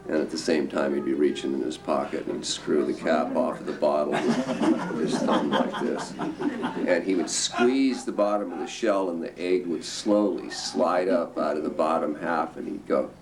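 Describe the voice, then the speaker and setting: An older man from the Northern California coast telling rambling, lively family stories with frequent chuckles at a museum talk. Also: very deep voice, moderate pace. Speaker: storyteller guest. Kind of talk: anecdotal storytelling. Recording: distant mic with background noise.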